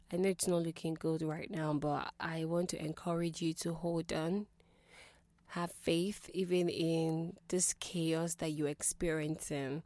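A young adult woman, hosting a radio call-in show and earnestly encouraging her listeners. She moves between soft near-whispers and louder pleading. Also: sits low, steady tone, unhurried, no room sound. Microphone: studio microphone.

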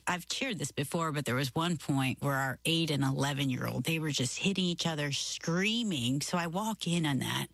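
A mother with a notably low voice tells a family story with animated energy, acting out what everyone said. Her delivery is lively and personal. The recording is dry and close. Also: moderate pace, gravelly, few pauses, dry recording. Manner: animated storyteller, acts out quotes.

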